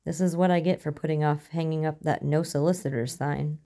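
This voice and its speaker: A woman's voice: low voice, steady tone, fairly quick, dark tone. A woman voicing a laid-back man with dry, joking delivery. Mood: wry.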